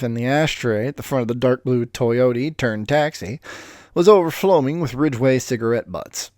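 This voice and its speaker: Man, story reader, casual asides, profane, self-deprecating, animated pitch, dry close sound. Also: no room sound. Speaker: reader of stories.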